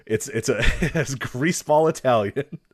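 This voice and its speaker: A man's voice: medium pitch, unhurried, slightly rough, no echo, clean studio sound. A man co-hosting a wrestling podcast, recapping matches in rambling casual chat and laughing often. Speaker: podcast co-host.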